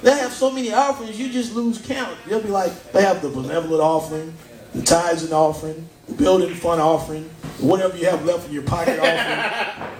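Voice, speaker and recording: A man's voice: high-pitched, steady tone, a little fast, roomy sound. A man performing a stand-up comedy set on a pub stage, chatting with the crowd and laughing at his own jokes.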